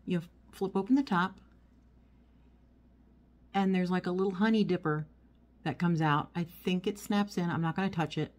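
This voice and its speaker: A woman's voice: lowish voice, steady tone, moderate pace, pauses often, darkish tone. A woman chatting casually as she unboxes and shows a haul of small items at home, rambling as she goes. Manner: chatty, rambling, talks while handling items. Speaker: vlogger. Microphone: phone. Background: crinkling packaging.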